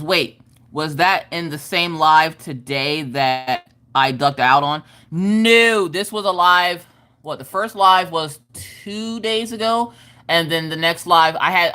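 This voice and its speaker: A middle-aged woman hosting a craft livestream, chatting casually and reading out viewer comments. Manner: animated, swinging between squeals and low mutters.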